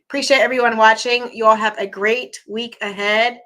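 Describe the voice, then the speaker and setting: A woman's voice: a little high, fairly even intonation, moderate pace, sharp tone. A woman hosting a casual live chat, chatty and encouraging, reading viewer comments and losing her voice. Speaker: livestream host.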